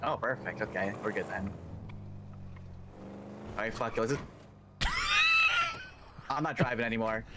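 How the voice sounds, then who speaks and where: A man in character as a police officer in a role-play, talking in a hesitant, halting way. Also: fairly low pitch. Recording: clear vehicle noise behind.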